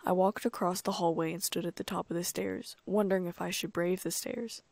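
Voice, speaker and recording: A woman narrating a first-person audiobook in a calm, even storytelling manner. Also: fairly low pitch, brisk, vocal fry, no room sound.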